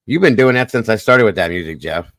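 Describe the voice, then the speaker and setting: Low-voiced guy hosting a stream, fast friendly shout-outs, dry close mic. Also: dry recording. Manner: fast, folksy greetings with Southern-style phrasing. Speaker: livestream host. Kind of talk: casual livestream shout-outs.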